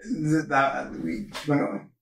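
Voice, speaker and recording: A man's voice: a little high, lively intonation, slow pace, gravelly, fairly bright tone, reverberant. A man, the show's producer, chiming in with matter-of-fact corrections.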